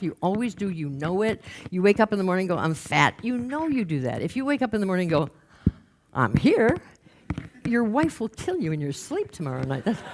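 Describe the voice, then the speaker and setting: A woman giving a talk on stage, telling humorous anecdotes with quick asides. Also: mid-range voice. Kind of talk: storytelling motivational talk. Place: lecture stage with slides.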